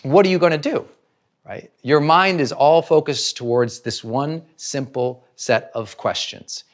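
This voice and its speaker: A man's voice: a little high, measured pace. A middle-aged man, a personal growth trainer, giving a motivational talk, full of rhetorical questions and acted-out inner voices.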